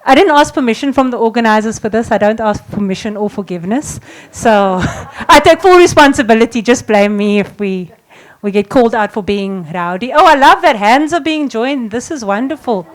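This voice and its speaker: A woman's voice: on the high side, lively intonation, normal speed. A woman speaking at a conference panel, talking playfully and then rousing the audience to chant with her. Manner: rallying, playful, coaxing the audience. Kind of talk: energetic panel talk.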